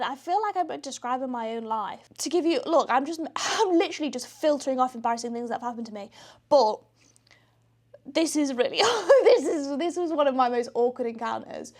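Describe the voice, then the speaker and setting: A young British woman with a British accent, hosting a podcast in a chatty, self-deprecating manner, often laughing at herself. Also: high voice. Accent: British English. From Britain. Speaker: podcast host. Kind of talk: casual chat.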